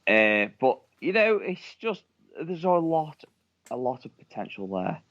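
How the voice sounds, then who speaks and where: A man's voice: a little high, very animated, unhurried, fairly bright tone, dull audio. A man co-hosting a podcast, chatting casually with blunt, sweary opinions. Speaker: podcast co-host. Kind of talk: casual wrestling chat.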